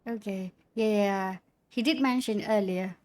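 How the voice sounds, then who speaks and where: A woman's voice: mid-range voice, moderate pace, darkish tone. A woman streaming a game, chatting casually with frequent giggles and stammering restarts. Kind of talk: casual gameplay commentary.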